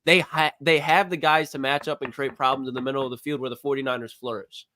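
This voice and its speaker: Young guy, bright sharp voice, hyped sports banter, dry close mic. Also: mid-range voice, quick pace, no room sound. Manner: excitable, laughs often, trash-talking banter. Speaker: podcast co-host. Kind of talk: casual sports chat.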